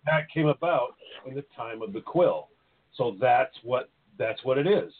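A man's voice: medium pitch, animated, a little slow, husky. A man chatting on a podcast, rambling and often repeating words as he explains things, with some swearing. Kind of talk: casual podcast chat. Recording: tinny phone-like audio.

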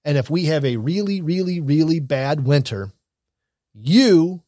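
A man, fairly high for a man, talking through the news and politics in a blunt, opinionated way. He rambles and restarts his sentences. The sound is dry and close, with no room in it. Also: animated, a little slow, dark tone, no room sound. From Michigan. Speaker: commentary show host. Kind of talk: casual news and political commentary.

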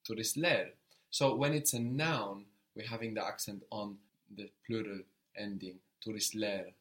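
A man's voice: fairly low pitch, normal speed. A man teaching a language lesson, patiently prompting a student and repeating her answers.

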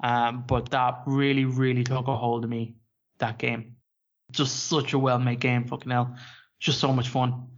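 A man's voice: mid-range voice, level tone, a little slow. A man co-hosting a podcast in a casual, rambling chat that is peppered with swearing. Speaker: podcast co-host. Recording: dull lo-fi podcast audio.

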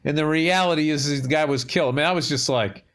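A man with a fairly high voice co-hosting a podcast. He trades dry wisecracks and swears freely in loose, casual conversation. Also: fast, a bit bright, clear, resonant tone. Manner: wisecracking, profane. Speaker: podcast co-host. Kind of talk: casual chat.

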